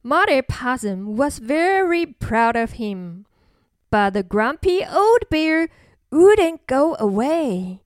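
Slow, sing-song children's storyteller woman. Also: high voice, big pitch swings, no room sound, clean studio sound. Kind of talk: bilingual children's story narration.

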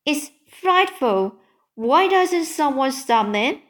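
An earnest, curious young girl who keeps asking questions, voiced by a woman reading a storybook. Her voice is fairly high and she speaks slowly. The tone is plain and sincere, as in a book read aloud. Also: animated.

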